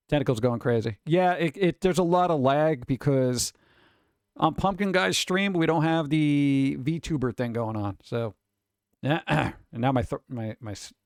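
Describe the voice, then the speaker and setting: A man's voice: medium pitch, no room sound, studio quality. A man rambling casually on a live stream, reading out list items and riffing on them in an offhand way.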